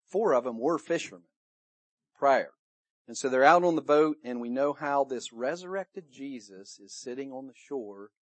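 A man preaching a sermon to his church, retelling the story in a lively way and acting out the people he quotes. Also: mid-range voice, moderate pace, dry recording. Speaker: pastor. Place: church service room.

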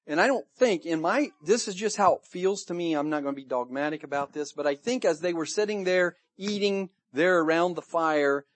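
A man preaching a sermon to his church, retelling the story in a lively way and acting out the people he quotes. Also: a little high, moderate pace, few pauses, dry recording. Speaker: pastor. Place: church service room.

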